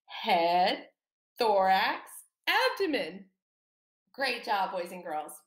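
Woman, elementary teacher, encouraging, slow, lively pitch, echoey room. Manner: slow, animated, encouraging, exaggerated emphasis for children. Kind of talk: second-grade lesson to camera.

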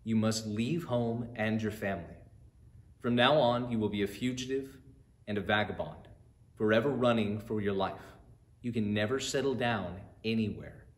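A man's voice: on the low side, moderate pace, close to an everyday voice. A man voicing God as a solemn judge. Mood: stern. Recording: roomy echo.

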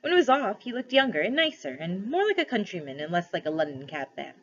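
A woman's voice: on the low side, sing-song, husky. A woman teacher reading a novel aloud to her class, stopping to set questions. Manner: storytelling read-aloud with pauses for questions. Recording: dull lo-fi recording.

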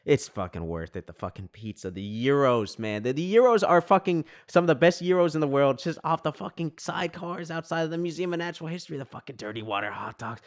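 A man's voice: on the high side, expressive, fast, few pauses. Profane, exasperated young man ranting. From New York. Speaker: podcast host. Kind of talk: ranting casual monologue.

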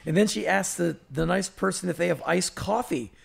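A man's voice: high-pitched, a little fast, creaky, breathy edge. A man co-hosting a casual podcast, reading an ad and telling rambling, joking stories. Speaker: podcast co-host. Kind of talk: casual chat and read ad.

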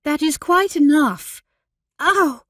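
A woman's voice: a little high, brisk, mellow, dry recording, clean studio sound, close to an everyday voice. A woman voicing a dutiful eldest sister in mourning, who speaks firmly and wearily.

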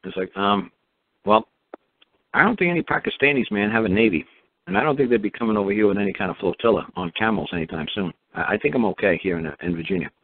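A man's voice: on the low side, lively intonation, quick pace, gravelly. A man ranting casually and sarcastically, acting out mock exchanges, with many restarts and fillers. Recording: dry tinny phone line.

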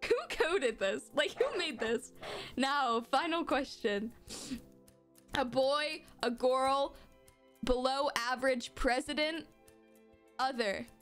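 A woman's voice: high-pitched, slow, pauses often, fairly bright tone, soft background music. A young woman streaming a game live, giggling and reacting in bemused disbelief as she reads its text aloud.

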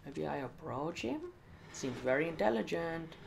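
A man's voice: fairly high pitch, lively intonation, normal speed, creaky, noisy background. A young man giving let's play commentary, muttering to himself with jittery nerves and frequent mild swearing. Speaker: gaming channel host.

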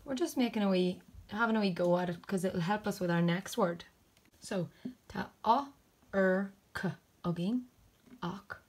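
A woman's voice: medium pitch, a little slow, husky. A woman teacher, sounding out letters one by one in a phonics lesson for children.

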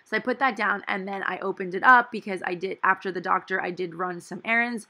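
Her voice is gravelly, bright and forceful, sitting in the mid range. A planner vlogger in her twenties who studies dental hygiene, she talks casually over her planning, meandering through her week with playful asides.

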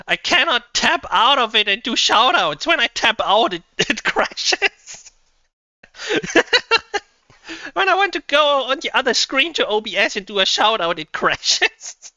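A woman streaming a game live from her home computer setup, thinking out loud, laughing often and swearing freely. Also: on the high side, very animated, a little slow, no room sound.

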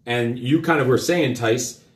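A father hosting a live show speaks at a medium pitch and an unhurried pace, telling his kids a story. The telling is loose and wandering, with cursing and plenty of filler words, and the sound has a roomy echo.

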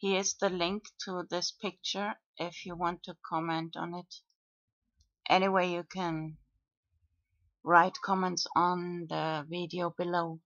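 A woman video blogger talking through her own comments in a monologue, with frequent pauses and fillers. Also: lowish voice, level tone, fairly bright tone, no room sound. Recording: dull lo-fi dry recording.

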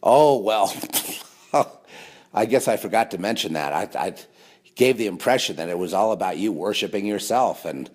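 A man's voice: sits low, moderate pace. A man delivering a rambling monologue to camera, sarcastic, with mocking asides. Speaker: conspiracy video host.

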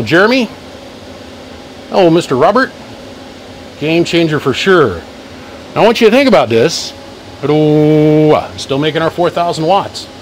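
A man talking loudly in his workshop, running a live-stream battery test, calling out "one, two" mic checks and greeting viewers by name. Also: fairly high pitch, slight background noise, poor audio. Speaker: host testing a car-audio battery. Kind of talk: casual live-stream demo. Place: workshop garage. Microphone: phone mic for live feed plus chest mic.

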